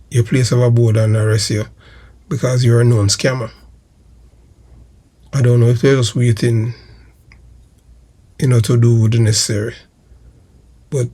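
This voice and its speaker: A Jamaican man hosts a commentary channel and denounces his target in a slow, repetitive, emphatic monologue. His voice is gravelly and husky, with a rough fry running through it, and it sits at an ordinary male pitch. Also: level tone, mellow. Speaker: channel host.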